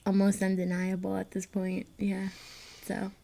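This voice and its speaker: A woman's voice: mid-range voice, monotone, unhurried, creaky, dark tone. A woman guest on a podcast, chatting candidly and laughing often. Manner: many fillers and restarts while thinking. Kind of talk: casual podcast chat.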